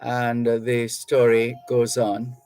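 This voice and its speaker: Slow-spoken radio host. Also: male voice, medium pitch, completely flat delivery, a little mellow, no room sound, faint music behind, low-quality recording. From Jamaica. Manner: reads listener messages aloud, measured and reflective. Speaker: radio talk show host. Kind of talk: radio talk show. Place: radio studio. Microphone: studio microphone.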